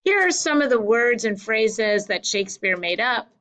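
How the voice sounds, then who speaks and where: A woman teacher giving a slow, deliberate lesson over slides, correcting herself now and then. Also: on the high side, very animated, fairly bright tone, low-quality recording. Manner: slow, deliberate explaining with small self-corrections.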